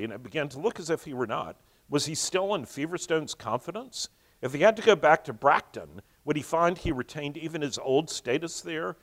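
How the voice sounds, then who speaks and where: A man hosting a show, reading a novel aloud and stopping to explain it in his own words. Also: a little high. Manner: explanatory, alternates reading with asides. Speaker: host.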